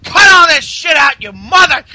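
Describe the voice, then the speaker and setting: Ranting, swearing wrestling champion in a high, piercing yell, put on by a man. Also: moderate pace, heavily acted. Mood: furious. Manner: shouting, cursing, indignant.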